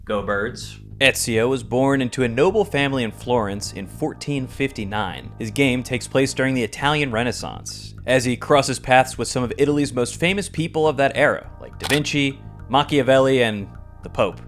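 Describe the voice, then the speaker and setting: A man's voice: medium pitch, moderate pace. A man hosting a scripted video game explainer, with wry, casual asides. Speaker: host. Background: faint guitar music.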